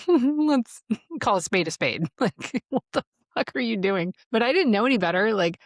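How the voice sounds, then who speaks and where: A woman's voice: on the high side, animated, a little slow, no echo, studio quality. A woman in her thirties hosting a podcast, telling her own story in candid casual chat, laughing often and swearing freely. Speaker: podcast host.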